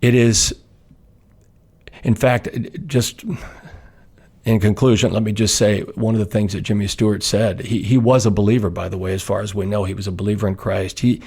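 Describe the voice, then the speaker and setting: Low, gravelly-voiced pastor. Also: male voice, fairly even intonation, darkish tone. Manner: earnest, unhurried storytelling with frequent restarts. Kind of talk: podcast devotional message.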